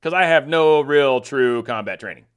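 A man's voice: mid-range voice, normal speed, clean tone. A man giving casual, sarcastic political commentary, ranting and mocking.

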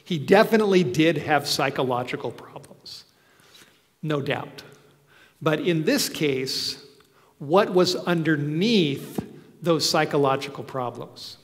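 Man, preacher, earnest sermon, slow pace, echoing church hall. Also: a little high, expressive. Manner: slow, earnest storytelling with soft asides. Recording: long hall reverb.

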